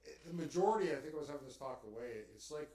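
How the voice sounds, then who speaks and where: A man's voice: a little high, expressive, racing, warm tone. A man chatting casually as a guest about spiritual ideas. He rambles and keeps tagging his sentences with "right?". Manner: rambling, tags lines with "right?". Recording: roomy, distant mic.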